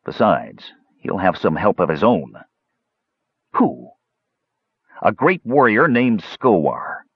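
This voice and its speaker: A man's voice: on the low side, sing-song, slow pace, slightly rough, dry recording, highs cut off, exaggerated voice. A man doing a bold half-elf warrior. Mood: firm. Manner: shouting, forceful.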